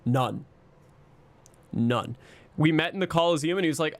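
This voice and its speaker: A man's voice: on the high side, expressive, moderate pace, long pauses, dry recording. A man streaming and chatting casually with his viewers, rambling and self-mocking, swearing often.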